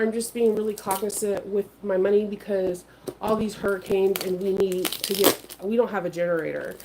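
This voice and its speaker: A woman's voice: mid-range voice, noisy background. A woman hosting a casual craft livestream who feels unwell and talks in a chatty, rambling way with many ums. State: feeling unwell. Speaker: sewing and craft livestream host.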